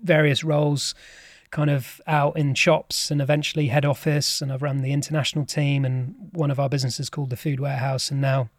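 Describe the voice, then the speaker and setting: A man who is a company chairman, telling his story as a podcast guest in relaxed, self-deprecating chat. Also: medium pitch, fairly quick, no echo, clean studio sound. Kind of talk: casual interview chat.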